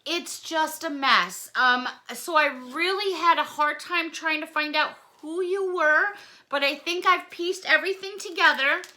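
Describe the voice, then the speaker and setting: A woman vlogger chatting to camera as she opens fan mail, warm-hearted, apologetic and close to tears, with little laughs. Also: high voice, a little slow. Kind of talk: casual chat to camera.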